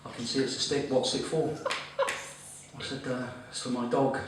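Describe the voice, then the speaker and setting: Compering a comedy night, a man tells a story to a live audience and teases the crowd, swearing casually. His mid-range voice keeps a level tone at a moderate pace. The comedy club room sounds very echoey, and the far-off mic picks up a lot of noise.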